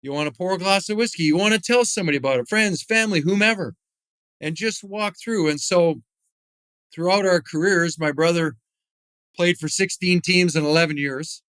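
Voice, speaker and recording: A man's voice: on the high side, fairly quick, fairly bright tone, clean tone, no echo. A middle-aged man, a podcast guest, telling stories in a rambling, casual way with many fillers and restarts. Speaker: podcast guest, retired hockey player and whisky founder. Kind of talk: casual interview storytelling.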